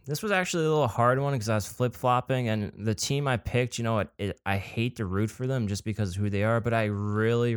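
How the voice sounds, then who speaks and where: A man's voice: lowish voice, smooth, dry recording, studio quality. A man with a country American accent, co-hosting a sports podcast with casual, self-deprecating banter. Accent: American rural. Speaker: podcast co-host.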